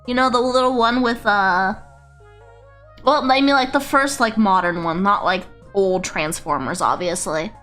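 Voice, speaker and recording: A woman VTuber chatting on a casual livestream, rambling, excitable and swearing freely. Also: medium pitch, a little slow, faint music behind. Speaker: VTuber streamer.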